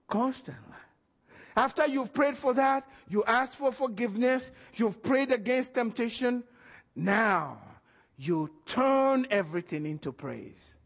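A man preaching a sermon, calling out to the congregation and shouting at the peaks while acting out the voices he quotes. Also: very high voice, big pitch swings, unhurried. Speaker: pastor. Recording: church hall reverb.

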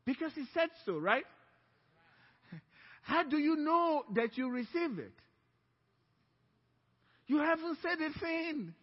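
A man's voice: extremely high pitch, sing-song, slow pace, long pauses, big-room sound, muffled recording. A man preaching as a pastor, with emphatic delivery that draws the congregation in to repeat lines after him. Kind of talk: sermon. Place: church sanctuary.

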